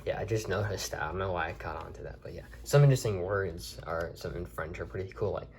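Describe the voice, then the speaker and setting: A man's voice: low voice, fast talker, a little mellow, a little hiss or hum. A man reviewing a collectible video tape from the desk in his bedroom, talking casually and rambling with many restarts.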